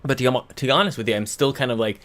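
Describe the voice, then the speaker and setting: His mid-range voice runs fast with a fairly bright tone as he hosts a podcast intro from his home in British Columbia. He's casual and chatty, rambling, correcting himself, and a little out of breath.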